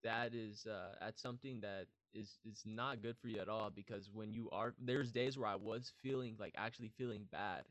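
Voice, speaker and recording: Young man, low-voiced, rambling candidly. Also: fairly even intonation, moderate pace, hardly any pauses, fairly bright tone, no echo. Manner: candid, self-mocking, loose and rambling. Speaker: podcast guest. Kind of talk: casual chat.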